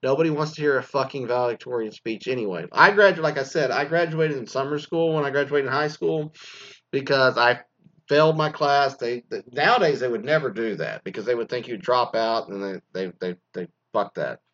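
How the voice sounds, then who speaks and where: A man's voice: medium pitch, a little fast, a bit bright. A middle-aged man, delivering a crude, sarcastic rant full of swearing. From Texas, Dallas area. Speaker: commentator reacting to news. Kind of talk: profane ranting monologue. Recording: dull lo-fi audio.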